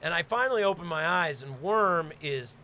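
Man, podcast host, high bright gravelly voice, lively, faint hiss behind. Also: normal speed. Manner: animated, shouts when reenacting. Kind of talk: crude comedic storytelling.

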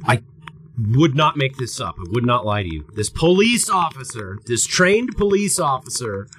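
A man's voice: medium pitch, big pitch swings, moderate pace, a bit bright, poor audio. Rambling, profane male podcast storyteller. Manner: rambling, profane, acts out quotes. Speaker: podcast co-host. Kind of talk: casual storytelling chat.

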